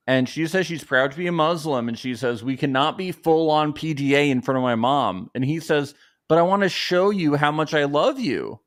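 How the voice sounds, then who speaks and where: Man, podcast co-host, casual recap chat, animated pitch, acts out quotes.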